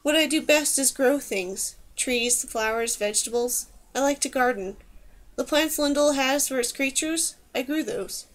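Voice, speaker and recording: A woman reading an earnest, quick young prince. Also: high voice. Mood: modest.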